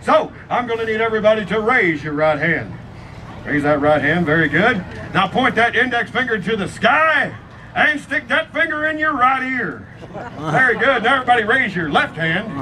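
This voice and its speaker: A man with a Texan accent announcing a live western comedy show, joking with the crowd in a folksy way. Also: sits high. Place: outdoor fair stage. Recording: outdoor PA with crowd noise.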